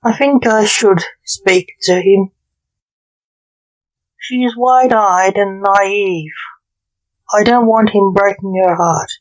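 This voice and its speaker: A woman's voice: mid-range voice, slow pace, long pauses, lightly acted, rough recording. A woman voicing a stern, suspicious aristocratic father who questions his daughter's suitor in a storybook reading. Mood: probing. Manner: probing, questioning.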